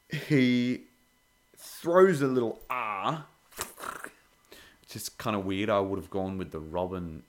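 A young man hosting a podcast, reviewing in a rambling, excitable way and swearing freely. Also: fairly low pitch. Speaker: podcast host.

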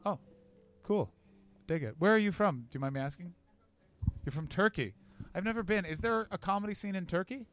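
Man, brash and sweary, comedian in live q&a, bright forceful voice. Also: sits high. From Canada. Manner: brash, sweary, quick-riffing. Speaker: comedian, guest. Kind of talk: live podcast Q&A banter.

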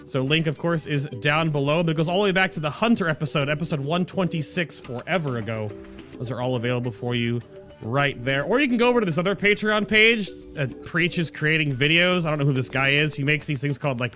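A man's voice: a little high, a little fast, fairly bright tone. A man hosting a podcast in casual chat, rambling and chatty, often restarting his sentences. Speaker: podcast host. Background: background music.

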